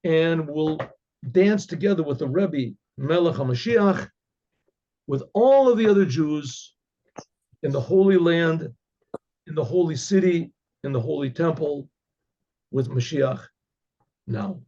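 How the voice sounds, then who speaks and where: A man, a rabbi, telling a religious story in a halting way with many restarts and frequent throat-clearing. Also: fairly high pitch, expressive, dark tone, muffled recording. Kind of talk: oral storytelling.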